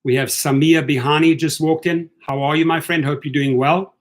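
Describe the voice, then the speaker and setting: A man with a somewhat high voice keeps a steady tone at a moderate pace. He runs a casual livestream for rideshare drivers, reading out comments and chatting in a loose, tired way. He's chatty, repeats himself, and speaks directly to his viewers.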